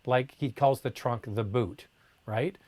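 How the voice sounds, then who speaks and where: A man in a relaxed live Q&A, talking off the cuff as he reads out viewer comments and answers them. His pitch sits in an ordinary middle range. His talk is loose and chatty, full of ums and restarts. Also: slow. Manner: casual, chatty, reads comments aloud with many fillers. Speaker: host answering viewer questions. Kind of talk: live Q&A chat.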